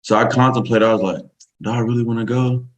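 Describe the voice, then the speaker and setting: A man's voice: medium pitch, fairly even intonation, fast, poor audio. A man with a Southern US accent, a podcast guest telling a story casually, rambling with many fillers. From Texas, USA.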